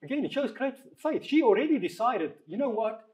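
A man leading a group Bible discussion in a conversational way, reading scripture aloud slowly and asking the group questions. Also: very high voice, very animated, darkish tone, rough recording. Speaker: Bible study leader.

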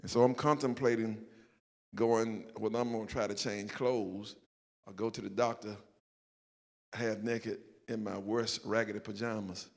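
Gravelly older Southern pastor in a reverberant church. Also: male voice, lowish voice, a little slow. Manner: animated, self-mocking storytelling with acted-out quotes. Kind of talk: storytelling sermon. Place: church sanctuary.

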